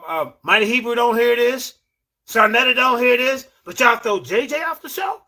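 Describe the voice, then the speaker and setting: A man hosts a heated livestream debate. His voice sits very high and sounds bright and forceful. He scolds his guest and repeats words to hold the floor. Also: lively intonation, fairly quick. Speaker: show host.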